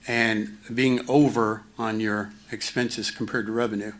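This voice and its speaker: Halting man presenting finances. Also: lowish voice, level tone, a bit bright. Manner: halting, many fillers and restarts; dry self-mocking humor. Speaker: finance officer at a town hall. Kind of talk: presenting slides at a town hall.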